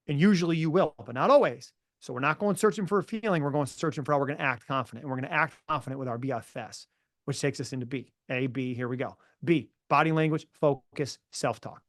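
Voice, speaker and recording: A middle-aged man with a slightly raised pitch speaks in an energetic, emphatic way as a motivational coach. He tells stories in a punchy, relaxed interview style. The podcast mic gives a close, dry sound. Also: no room sound. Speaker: mental performance coach, podcast guest. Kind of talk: casual interview storytelling.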